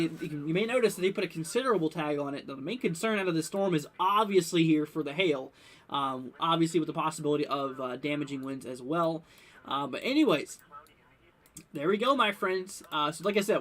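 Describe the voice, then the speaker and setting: A young man hosting a live weather stream, rambling with many fillers and bursts of excitement. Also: high voice. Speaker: livestream weather host. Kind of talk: casual live weather commentary.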